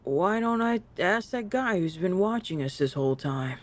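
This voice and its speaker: Woman voicing an eager lively police detective. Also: on the low side, moderate pace, pitched below the performer's own voice, lightly acted. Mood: thoughtful. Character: earnest female police detective. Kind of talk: voicing game characters aloud.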